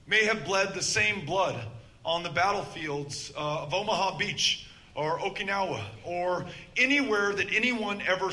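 Male politician, high, sharp and bright, measured and earnest with filler pauses. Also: low-quality recording. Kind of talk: town hall speech.

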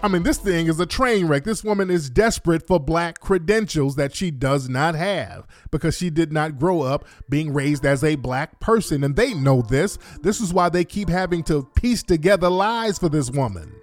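A man hosting a commentary show, scornful and animated, drawing out and sing-songing his words. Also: on the high side, moderate pace, few pauses, soft background music. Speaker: host.

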